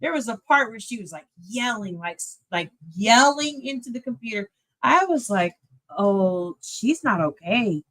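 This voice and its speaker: Animated woman streamer reacting to a clip. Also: on the high side, moderate pace. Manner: animated, swearing, laughs often, talks back to the clip. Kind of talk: casual reaction commentary.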